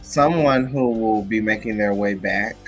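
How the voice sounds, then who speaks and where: A man's voice: on the low side, unhurried, fairly bright tone, faint music behind. Sassy man co-hosting a chat show. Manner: sassy, dramatic asides. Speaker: podcast co-host. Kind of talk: casual chat.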